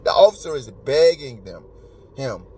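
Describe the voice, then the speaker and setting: A man's voice: medium pitch, big pitch swings, normal speed, warm tone, slightly rough. Emotional man ranting on a podcast. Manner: emotional, emphatic, rambling. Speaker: podcast host. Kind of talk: casual commentary.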